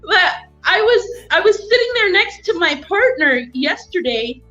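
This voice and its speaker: Bright, high-voiced chatty woman. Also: sing-song, a little slow, dull audio, faint music behind. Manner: chatty storyteller, quotes people, laughs often. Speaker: guest. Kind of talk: casual live chat.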